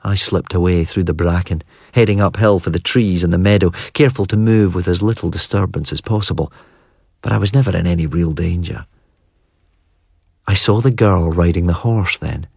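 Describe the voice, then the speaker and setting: A man narrates a story in the first person with a measured, even delivery. His voice is very deep and slightly husky. The recording is dry and close, with no room sound. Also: no room sound. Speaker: audiobook narrator.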